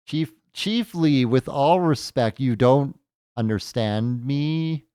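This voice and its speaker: A man's voice: mid-range voice, slow pace, warm tone, clear, resonant tone, dry recording, clean studio sound, voice pushed up, close to an everyday voice. A man reading a game's lines aloud as an earnest young man taken in by a village chief. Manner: reads game dialogue aloud, mock-earnest.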